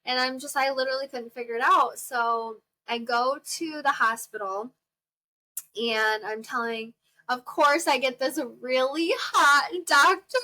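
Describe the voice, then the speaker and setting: A young woman hosting a podcast tells her listeners a personal story in a chatty, exclaiming way, full of fillers. Her voice sits high and sounds bright and forceful, and she speaks a little slowly.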